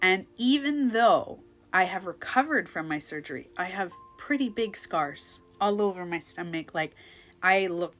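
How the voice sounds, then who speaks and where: A woman in her thirties, a life coach chatting casually on a phone live stream, animated and blurting out loud quoted outbursts. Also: on the low side, a little slow, faint music behind.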